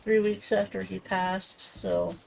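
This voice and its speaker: A woman streamer chatting casually and rambling softly while she plays a game. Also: mid-range voice, level tone, takes it slowly, vocal fry, rough recording. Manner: rambling and soft-spoken, full of fillers.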